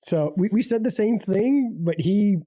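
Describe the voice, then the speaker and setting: A man co-hosting a casual sports picks podcast, easygoing and halting, often repeating his words. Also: high-pitched, animated, warm tone, no echo. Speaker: podcast co-host.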